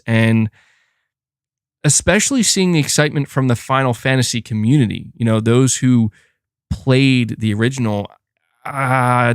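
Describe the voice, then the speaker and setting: A man hosting a casual gaming live stream, reading and answering super chats in a chatty, animated way with frequent fillers. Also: mid-range voice, clean tone, dry recording, studio quality. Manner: chatty and animated, thanks donors, frequent fillers and self-corrections. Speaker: gaming channel host.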